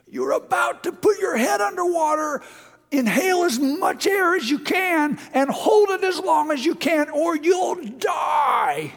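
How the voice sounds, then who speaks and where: A man voicing the panicking survival instinct in a person's brain, high and shouting, as a sermon illustration. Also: expressive, unhurried, vocal fry, full character voice. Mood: frantic alarm. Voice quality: shrill, shouting. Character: panicking inner survival instinct, shrill and frantic. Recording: long hall reverb.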